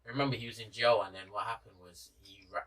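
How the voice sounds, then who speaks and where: Low husky man with London accent. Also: steady tone, fast, fairly bright tone, recorded from a distance, low-quality recording. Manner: chatty, rambling, uses "innit". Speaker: podcast host. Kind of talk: casual podcast chat.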